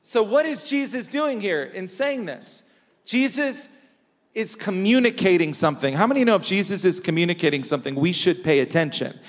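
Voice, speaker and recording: High-voiced preacher in a reverberant church. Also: male voice, lively intonation. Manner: preaching with emphatic repetition and dramatic pauses. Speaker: pastor. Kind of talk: sermon. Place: large church hall.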